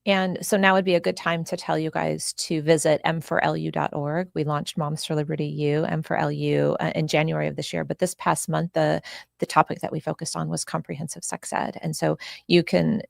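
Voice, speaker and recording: Woman, host, low pitch, dry studio, conversational interviewer. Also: little pitch movement, brisk, creaky, dry recording. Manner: conversational, promotes the show's resources.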